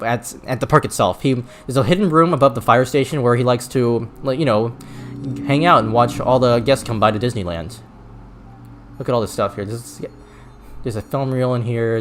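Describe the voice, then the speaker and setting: A man's voice: mid-range voice, slight background noise. Rambling male game streamer. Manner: rambling, with many restarts and stumbles. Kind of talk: casual gameplay commentary.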